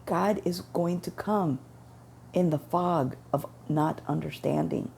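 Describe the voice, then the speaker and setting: A woman shares her religious testimony in an earnest, repetitive way, retelling her prayers as she goes. Her voice sits low and carries a heavy gravelly fry with a dark, mellow tone. A faint noise hangs behind her. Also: slow pace. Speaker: testimony speaker.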